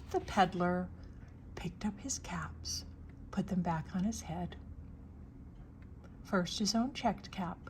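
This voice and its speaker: Slow grandma reading a picture book. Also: female voice, medium pitch, slight background noise. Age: older. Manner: slow and expressive, pausing to ask the listener questions. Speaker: storyteller.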